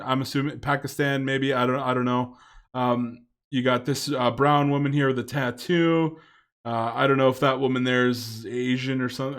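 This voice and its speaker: A man's voice: mid-range voice, smooth. A man giving a casual, rambling video commentary, with many fillers and chuckling asides.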